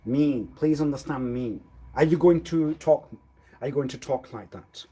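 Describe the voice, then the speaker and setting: A man on a live stream rambling in a disjointed monologue, arguing back and forth with himself and repeating words, swinging from quiet mutters to loud exclamations. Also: medium pitch, normal speed, breathy edge. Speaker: livestreamer.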